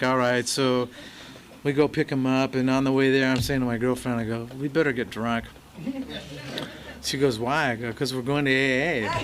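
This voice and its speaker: A man's voice: mid-range voice, a bit bright, a little hiss or hum. A man speaking at a recovery meeting, telling a personal story in a laid-back way to a live audience, with many fillers and quoted dialogue. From Los Angeles area. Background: audience laughter.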